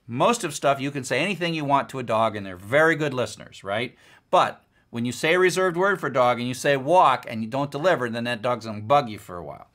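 A middle-aged man teaching a recorded course lecture, his voice bright and forward. He explains in a relaxed, conversational manner and leans on playful everyday examples to make a point. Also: medium pitch, a little fast. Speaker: university lecturer.

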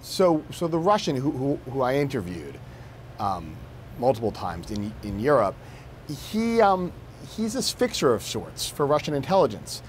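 A man's voice: mid-range voice, sing-song, moderate pace, slight background noise. A man, a national security correspondent, explaining his reporting as a news interview guest, with fillers and restarts.

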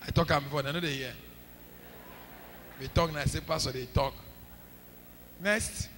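A Nigerian man leading a church service as pastor, chanting and shouting prayer commands. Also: a little high, steady tone, moderate pace, slight background noise. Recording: long church reverb, faint ambience.

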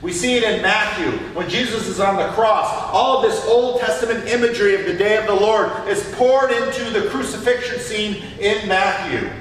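A man's voice: high-pitched, normal speed, hardly any pauses, fairly bright tone, a little hiss or hum. A man preaching a sermon as pastor, asking his listeners rhetorical questions. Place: church sanctuary. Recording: echoey church hall from far off.

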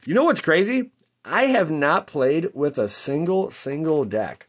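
Casting: male vlogger, lively swooping pitch, playful, bursts into shouts at good pulls. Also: normal speed. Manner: excitable, jokey, shouts at big pulls. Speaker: card-opening channel host. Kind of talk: casual pack-opening commentary.

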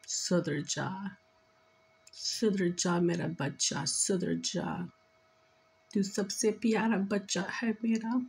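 A woman voicing the spirit of an older father, talking in a soft, coaxing way and dropping well below her own pitch. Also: steady tone, slow pace, vocal fry, breathy edge, exaggerated voice, rough recording. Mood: pleading. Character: gentle pleading father spirit, older man.

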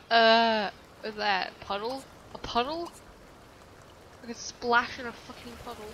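A young woman giving casual, profane let's-play commentary, reacting loudly and insulting her own game character. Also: fairly high pitch, steady tone, unhurried, long pauses, slight background noise. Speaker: gameplay commentator.

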